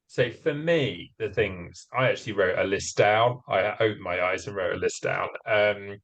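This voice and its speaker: Low-voiced man chatting on a video call. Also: moderate pace, fairly bright tone, low-quality recording. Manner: rambling, thinking aloud with many fillers. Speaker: community group member. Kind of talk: casual group video call.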